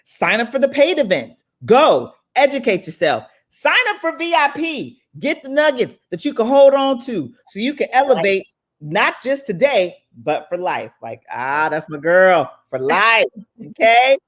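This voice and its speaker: A woman's voice: fairly high pitch, big pitch swings, unhurried. A woman hosting a live online summit in casual, motivational chat. She sounds affectionate and upbeat, calling listeners "baby" and "y'all". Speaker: summit host.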